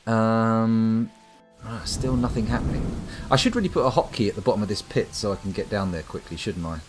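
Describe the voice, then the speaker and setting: With a lowish, fairly quick voice, a streamer from the UK provides wry live game commentary, rambling as he chats with viewers. Faint music plays behind him.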